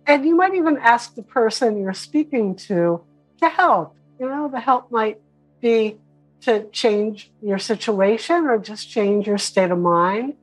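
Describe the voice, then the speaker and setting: A woman teaching an online spiritual class in a casual, animated way, now and then mimicking whiny voices. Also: a little high, unhurried, faint music behind, poor audio.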